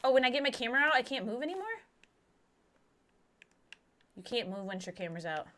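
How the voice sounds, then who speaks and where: A young woman streaming a horror game, whispering game text softly and then chatting loudly and excitedly. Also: on the high side, rapid-fire. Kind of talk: live gameplay commentary.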